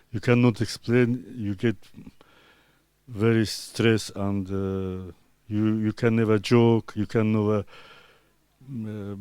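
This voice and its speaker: Man, native Talysh speaker, halting broken English, low smooth voice, dry close sound. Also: warm tone, no room sound. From Azerbaijan. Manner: halting broken English with many pauses and fillers. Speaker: artist being interviewed. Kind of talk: casual interview answers.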